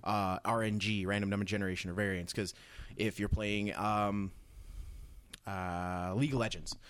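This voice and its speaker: A man's voice: on the low side, flat delivery, normal speed, a bit bright, clean tone, dry recording. A man explaining game design in a casual chat with a co-host, talking it through with frequent restarts. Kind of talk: casual chat about tabletop games.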